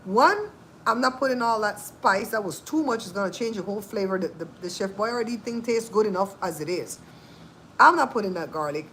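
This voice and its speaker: A woman hosting a cooking channel chats casually in a medium-pitched voice, a little fast, animated and full of sassy asides. The recording is rough, with a little hiss or hum.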